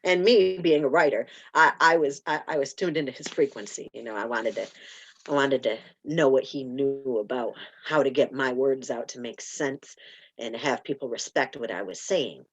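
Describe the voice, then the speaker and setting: A woman guest on a podcast, chatting casually and telling animated stories with frequent restarts. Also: a bass voice, moderate pace, slightly rough, muffled recording. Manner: animated storytelling with repeated restarts. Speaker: podcast guest, spoken word writer.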